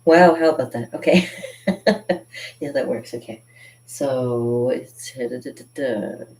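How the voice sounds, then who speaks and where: Low-voiced chatty woman artist. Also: takes it slowly, darkish tone. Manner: chatty and rambling, with frequent laughs. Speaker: artist hosting a live drawing stream. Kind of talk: casual live drawing tutorial.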